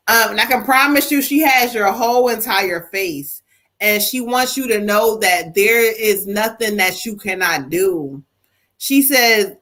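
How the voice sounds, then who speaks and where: Bright-voiced woman doing a spirit reading. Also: medium pitch, a little slow, rough recording. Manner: animated, playful, conversational. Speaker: psychic medium. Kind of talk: live-stream spirit reading.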